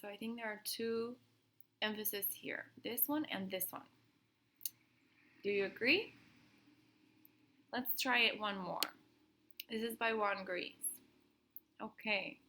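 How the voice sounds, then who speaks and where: Slow, bright-voiced woman teaching art. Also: medium pitch, slight background noise. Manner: slow, gentle and explanatory, asking questions aloud. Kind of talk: recorded art lesson for children.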